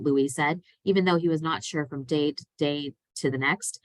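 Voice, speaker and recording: A woman reading a children's novel aloud in a plain, steady way, with small slips. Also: sits low, normal speed, hardly any pauses, dry recording, low-quality recording. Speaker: reader.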